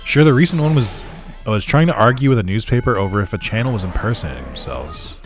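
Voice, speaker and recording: A man's voice: on the low side, lively intonation, fast, faint music behind. A man chatting casually while streaming a game, ranting sarcastically, swearing a lot and laughing often. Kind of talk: casual gaming stream chat.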